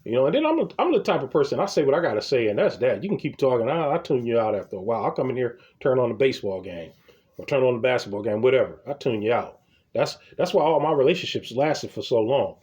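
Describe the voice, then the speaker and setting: A man's voice: mid-range voice, darkish tone, highs cut off. A man telling comic stories in a casual, rambling rant, swearing and stumbling over repeated words. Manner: rambling, profane, repeats words when starting. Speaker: comedy vlogger. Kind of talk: casual ranting storytelling.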